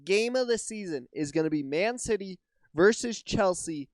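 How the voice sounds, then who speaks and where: A man's voice: high voice, expressive, moderate pace, dry recording, studio quality. Tired, swearing American podcast guy. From United States. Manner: casual, swears often, trails off and restarts. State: tired, yawning. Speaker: podcast host. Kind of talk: casual solo podcast predictions.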